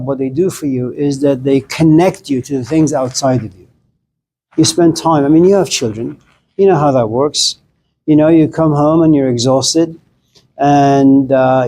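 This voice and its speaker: A man's voice: medium pitch, low-quality recording. Conversational middle-aged male lecturer. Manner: conversational, animated, acts out quoted voices. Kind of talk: philosophy lecture with anecdotes.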